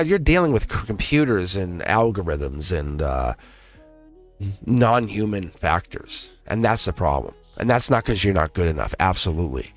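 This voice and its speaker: A man giving a live-streamed tarot reading in an earnest way, repeating himself and laughing often. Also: sits low. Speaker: tarot reader.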